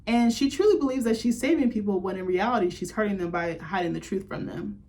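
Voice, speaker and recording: A woman recapping a TV episode in a loose, chatty way, swearing freely and leaning on "like" as she goes. Her pitch sits in an ordinary middle range. She talks straight to her viewers as if chatting with friends. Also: fast talker, a little mellow. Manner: chatty, profane, heavy use of "like". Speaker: show reviewer.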